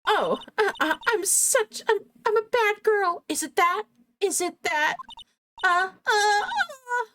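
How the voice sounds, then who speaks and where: Ditzy baby-voiced young witness gal, a woman doing the voice, squeaky, swoopy. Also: animated, slow pace, noisy background, exaggerated voice. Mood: fake-crying. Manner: giggly, sing-song, baby-voiced.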